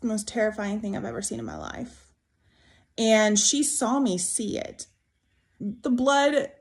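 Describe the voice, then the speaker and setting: A woman's voice: medium pitch, a little mellow. A young woman earnestly narrating a ghost story as a storytime, chatty and full of fillers. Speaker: storyteller in a played clip.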